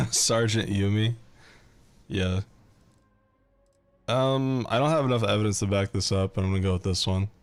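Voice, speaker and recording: Sex: man. Role: streamer. Style: casual game commentary. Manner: deadpan, joking, low voice, soft game music. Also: measured pace, long pauses. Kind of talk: casual let's-play commentary.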